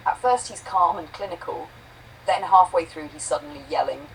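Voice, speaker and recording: A woman's voice: on the low side, normal speed, gravelly, far from the mic, slight background noise, rough recording. A synthetic-sounding woman brainstorming comedy ideas in a conversational tone and reading quotation marks aloud. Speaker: AI conversation partner.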